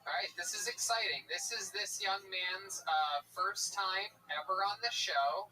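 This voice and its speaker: Give me a man hosting a live comedy show, bright and hyped, mic a bit far off. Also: high voice, measured pace, faint music behind. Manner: loud, hyped introductions, swears freely.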